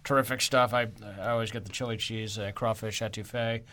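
A man's voice: lowish voice, steady tone, brisk, bright, forceful tone. A man on a radio panel chatting enthusiastically about restaurants. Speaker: food guest on radio.

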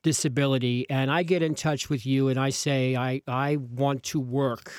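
A man's voice: medium pitch, steady tone, moderate pace, clean tone, dry recording, clean studio sound. A man hosting a radio interview, asking loose questions that think aloud. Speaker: radio host. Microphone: studio microphone.

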